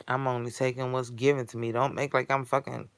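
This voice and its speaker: A woman delivering a blunt, foul-mouthed comedic rant in streetwise slang that builds to shouting. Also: very deep voice, little pitch movement, fairly quick, dry recording. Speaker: character monologue performer.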